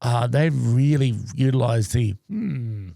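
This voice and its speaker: A man's voice: medium pitch, slow pace, creaky, warm tone, dry recording. A man, co-hosting a podcast in a casual chat and telling stories with dry humour. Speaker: podcast co-host. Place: podcast studio.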